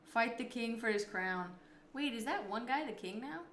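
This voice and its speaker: In a casual live stream, a woman talks comfortably with her audience, responding to incoming messages. She speaks at normal speed in an expressive voice on the high side, bright and forward, bouncing through an echoey room with faint hissing noise behind it.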